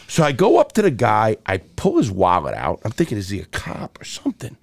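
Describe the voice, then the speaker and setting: A man's voice: lowish voice, wildly swooping pitch, a little fast, gravelly, no room sound. Swaggering, profane middle-aged man. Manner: profane, blunt, swaggering storyteller with many restarts. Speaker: podcast guest, former jewel thief. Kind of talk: casual storytelling interview.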